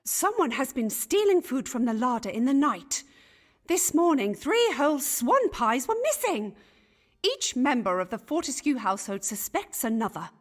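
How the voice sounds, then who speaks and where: A woman's voice: high-pitched, sing-song, normal speed, big-room sound. An actress voicing a gossipy, easily flustered Elizabethan lady in a narrative game. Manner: chattering, archaic and huffy. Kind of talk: voiced game dialogue in Elizabethan English.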